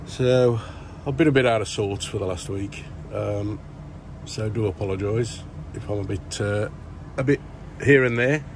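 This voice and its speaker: A middle-aged man chatting casually in a vlog, rambling through shout-outs with lots of fillers and restarts. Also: fairly low pitch, normal speed, slight background noise. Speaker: plant grower vlogger. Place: indoor grow tent.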